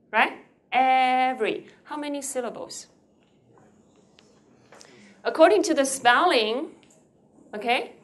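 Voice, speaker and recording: A woman's voice: a little high, a bit bright. A woman lecturing a university class, switching between Mandarin with a Taiwanese accent and English, quizzing students as she explains. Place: lecture hall.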